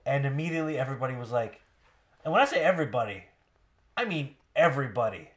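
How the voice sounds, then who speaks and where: A man hosting a podcast in casual chat. He is animated and jokey, laughs often, and mocks what other people say. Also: medium pitch, fast. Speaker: podcast host.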